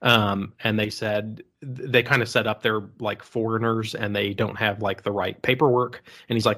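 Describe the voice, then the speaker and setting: A male podcast guest with a lowish voice, speaking in a relaxed, casual way. He recounts scenes in a loose, easy manner. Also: fairly quick, hardly any pauses. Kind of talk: casual chat.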